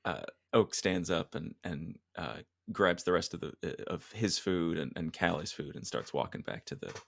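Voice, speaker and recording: A man's voice: low voice, moderate pace, creaky, a bit bright, no echo, clean studio sound. A man player in a tabletop game who talks hesitantly and jokes along. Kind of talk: casual tabletop play.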